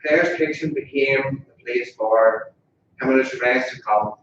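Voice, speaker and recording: At an unhurried pace, a mid-range Northern Irish man acts as funeral officiant, offering a chatty, humorous eulogy in a funeral parlour chapel and often asking mourners questions. The recording is distant, echoey and dull, with background noise.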